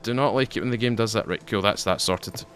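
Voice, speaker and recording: Here the Scottish YouTuber speaks fairly quickly in a lowish voice, with noise in the background. He offers his viewers casual, meandering game commentary, frequently restarting and repeating his words.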